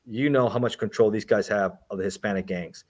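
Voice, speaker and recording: A man's voice: fairly low pitch, brisk, darkish tone. A man hosting a casual interview who mostly gives short, sympathetic replies. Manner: brief, sympathetic reactions.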